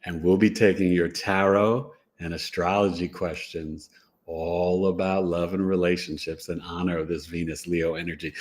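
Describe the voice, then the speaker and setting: A man's voice: deep voice, flat delivery, normal speed. A middle-aged man hosting a live astrology stream, talking in a loose, chatty and playful way. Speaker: astrology show host.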